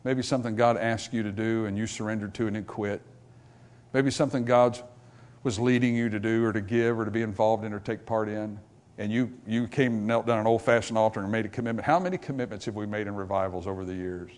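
Speaking fast with fairly even intonation, a man preaches revival to his congregation in church. He goes from loud, mounting passages to quiet, low ones and enacts brief back-and-forths between characters.

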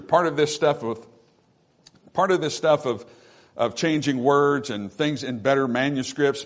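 A man preaching a sermon from the pulpit, emphatic and repetitive, calling out "amen" to the congregation. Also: medium pitch. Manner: repeats phrases for emphasis. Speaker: pastor.

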